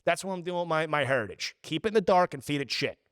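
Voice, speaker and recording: Animated high-voiced young man ranting. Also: fast, clear, resonant tone, no room sound, clean studio sound. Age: 20s. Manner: profane, animated storytelling with put-on quotes. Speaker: podcast host. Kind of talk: casual podcast rant.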